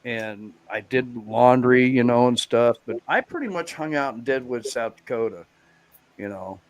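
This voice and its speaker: A man's voice: medium pitch, normal speed, no room sound, dull audio. Dry-sounding man telling rambling stories. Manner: rambling storyteller, lots of "you know" fillers. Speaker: guest biker. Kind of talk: casual live-stream chat.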